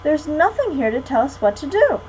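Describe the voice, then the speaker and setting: A woman's voice: sits high, big pitch swings, normal speed, a little mellow, slight background noise, pitched above the performer's own voice, low-quality recording. A teenage girl voicing a cautious, bookish young boy from a storybook, sensible and matter-of-fact.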